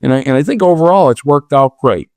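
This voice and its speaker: A middle-aged real estate investor, a guest on a podcast, tells a story animatedly in a medium-pitched voice, talking fast. He acts out dialogue with a raised voice and restarts often, with no room sound.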